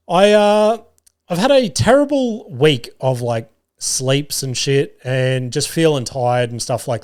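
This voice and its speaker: A man, a podcast host telling casual stories and swearing freely. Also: mid-range voice. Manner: swears freely, acts out family dialogue. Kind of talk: casual storytelling.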